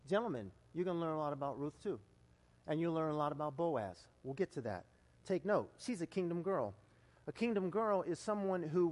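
Guy preaching a sermon, high voice, goes loud then hushed, long church hall echo. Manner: animated storytelling, swings from loud exclamations to hushed low lines. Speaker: pastor.

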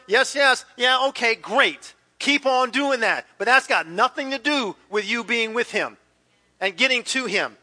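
A man preaching a sermon, telling a personal story with lively acted-out quotes and dropping to hushed, intense passages. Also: extremely high pitch, measured pace. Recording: long hall reverb.

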